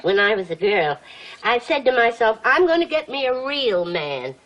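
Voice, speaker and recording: A woman's voice: fairly high pitch, normal speed, low-quality recording. An actress playing a fussy, doting Cajun mother who sweet-talks her daughter, in an old film. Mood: boastful. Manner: fussy, sweet-talking, animated. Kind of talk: 1950s film acting.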